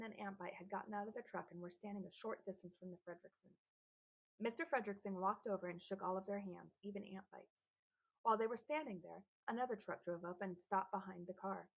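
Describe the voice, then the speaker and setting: Gravelly, husky woman reading a story. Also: mid-range voice, low-quality recording. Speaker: audiobook reader. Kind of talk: storybook narration.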